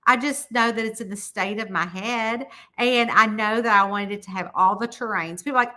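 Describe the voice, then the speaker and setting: A middle-aged woman, chatting casually with viewers on a livestream about her books. She talks in an animated, chatty way and laughs often. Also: a little fast. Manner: chatty, animated, laughs often, quotes people in high voices. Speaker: mystery author hosting a livestream.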